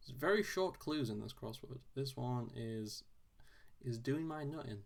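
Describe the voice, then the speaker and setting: A man solving a crossword on video, thinking aloud in a casual, halting way with frequent restarts and self-deprecating asides. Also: mid-range voice, animated, creaky.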